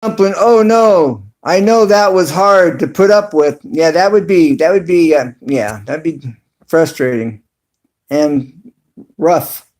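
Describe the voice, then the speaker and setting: Slow, high-voiced man reading his chat. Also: darkish tone. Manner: reads chat aloud haltingly with many fillers and chuckles. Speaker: livestream host. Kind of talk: casual livestream chat reading viewer comments.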